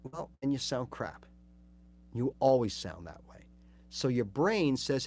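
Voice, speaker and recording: Man, guitar teacher, casual livestream lesson, chatty, animated, middle pitch. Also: a little slow. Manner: chatty, animated, acts out little scenes.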